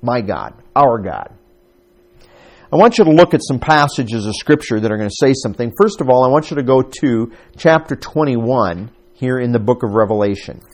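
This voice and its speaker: Animated man preaching a sermon. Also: mid-range voice, normal speed. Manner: conversational, animated, asks the congregation questions. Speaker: pastor.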